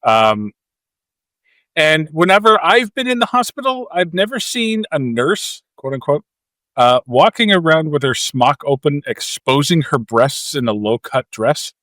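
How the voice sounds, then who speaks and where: Animated man recapping a movie. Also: fairly high pitch, measured pace, dry recording. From Canada. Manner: animated storytelling, acts out quotes and sound effects. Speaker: podcast co-host. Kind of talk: casual movie podcast chat.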